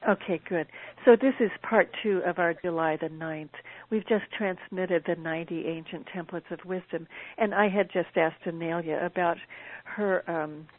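A woman hosting a spiritual call, talking gently and haltingly as she searches for words. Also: lowish voice, no room sound. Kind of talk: casual conversation on a call. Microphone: call audio. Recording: tinny phone-line call.

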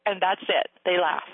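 A woman hosting a casual coaching conversation, giving blunt advice, swearing freely and acting out quotes in a high playful voice. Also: husky, dry recording. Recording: tinny phone-line sound.

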